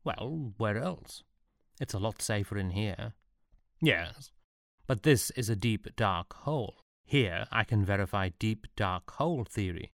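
A man voicing an eccentric male Prussian artillery officer who speaks in a brisk, deadpan way. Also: lowish voice, no echo, clean studio sound. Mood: wry.

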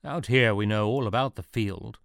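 An eccentric Prussian artillery officer, voiced by a man lectures in a brisk, deadpan tone. His voice is fairly low and recorded dry, with no room around it. He suits a storybook reading. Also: vocal fry, no echo. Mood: lecturing.

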